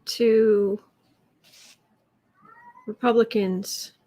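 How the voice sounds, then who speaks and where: A woman with a steady mid-range voice speaks very slowly while hosting a casual livestream. She chats, reads out viewer questions for tarot readings, and talks to her cat in a soft baby voice.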